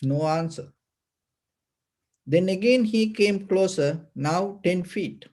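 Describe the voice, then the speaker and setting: A man gives a Buddhist sermon in a very slow, unhurried delivery. His speech is halting, with fillers and restarts. His voice sits fairly high for a man but sounds dark and mellow. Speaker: Buddhist teacher.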